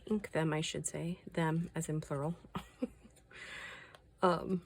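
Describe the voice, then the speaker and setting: Low-voiced chatty woman vlogger. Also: steady tone, takes it slowly, slightly rough. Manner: chatty, indignant, confiding asides. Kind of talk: casual chat while doing a craft.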